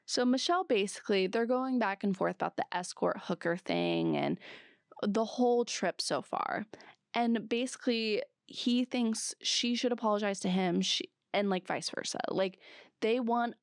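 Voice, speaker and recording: A young woman with a Southern California Valley accent, hosting a solo podcast recap in chatty, animated talk, swearing freely and jumping between asides. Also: a little high, moderate pace, no echo, clean studio sound. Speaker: podcast host.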